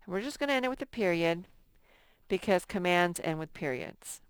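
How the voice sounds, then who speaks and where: A middle-aged woman teaching a lesson to young children, reading example sentences in a slow, sing-song way. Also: fairly low pitch, lively intonation, clean tone, no echo.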